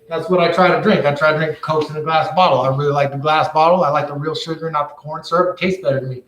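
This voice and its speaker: A man's voice: on the high side, a bit bright. A man who reviews cannabis products, ranting bluntly and swearing constantly in casual talk. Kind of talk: casual profane rant. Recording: echoey room.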